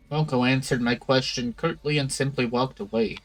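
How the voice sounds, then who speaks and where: A man's voice: mid-range voice, fairly even intonation, normal speed, hardly any pauses, poor audio. Male streamer, mid voice, reads game text aloud, reactive and startled, faint music. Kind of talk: reading a visual novel aloud.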